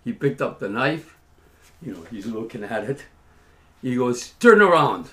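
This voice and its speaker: A Canadian man with a medium-pitched, slightly slow voice casually tells listeners a story. He's animated and acts out the quoted dialogue as he goes.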